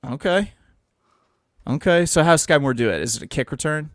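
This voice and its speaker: A man's voice: on the high side, lively intonation, normal speed, dry recording, studio quality. A man co-hosting a casual sports betting podcast, joking and quizzing his co-host as he reads out his picks.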